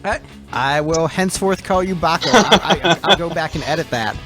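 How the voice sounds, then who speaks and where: A man's voice: a little high, normal speed, fairly bright tone, soft background music. A man hosting a casual podcast panel, joking, laughing often and stumbling over his words. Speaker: podcast host and band singer.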